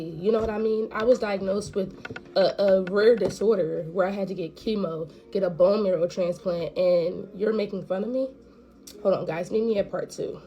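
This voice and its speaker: A woman's voice: medium pitch, fairly even intonation, dark tone, highs cut off. A young woman vlogger telling a personal story in a casual, heated, slang-heavy way. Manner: heated, fast slangy retelling. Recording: echoey room, distant mic.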